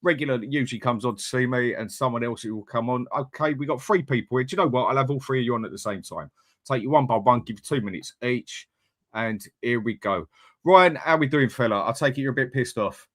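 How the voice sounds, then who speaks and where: A man's voice: medium pitch, fast talker, fairly bright tone. A man hosting a casual live fan call-in show, chatty, reading comments aloud and laughing often. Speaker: host of a fan call-in livestream.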